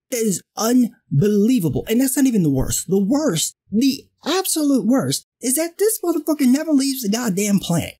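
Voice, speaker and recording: A man's voice: high-pitched, darkish tone, breathy edge. A man giving a profane, exasperated rant as a film reviewer.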